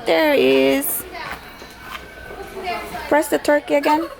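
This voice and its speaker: A woman showing a baby a sound book, speaking in a gentle sing-song and imitating animal noises. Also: sits high, level tone, takes it slowly, vocal fry. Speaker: caregiver playing with a baby.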